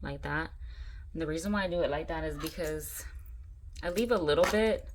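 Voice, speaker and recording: A woman walks viewers through a craft project in a casual, chatty way. Her voice sits a little low, and she keeps breaking into excited gushing over how cute things look. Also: normal speed, a little hiss or hum. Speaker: craft channel host.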